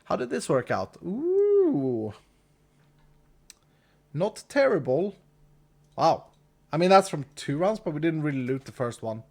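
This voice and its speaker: A man's voice: a little high, wildly swooping pitch, a little slow, vocal fry, long pauses. A man streaming a game live, chatting casually with his viewers, reading chat, thanking donors and laughing easily.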